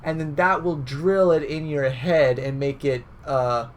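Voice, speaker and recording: A man's voice: on the high side, fairly even intonation, a little slow, slight background noise. A young man giving casual game coaching, chatty and loose, often tagging on "right?" and fillers. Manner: conversational, filler-heavy, repeats "right?".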